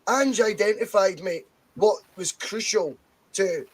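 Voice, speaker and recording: A man with a fairly high voice hosts a casual football podcast. He is chatty, swears freely, and reads quotes aloud in a relaxed way. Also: unhurried, low-quality recording. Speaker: podcast host.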